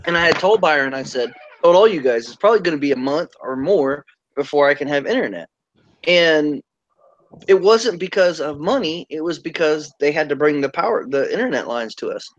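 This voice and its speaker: Animated storytelling man on a lo-fi call. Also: fairly quick, dry recording. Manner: animated storyteller, quotes others with raised pitch. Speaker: chat participant sharing memories. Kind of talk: casual group chat.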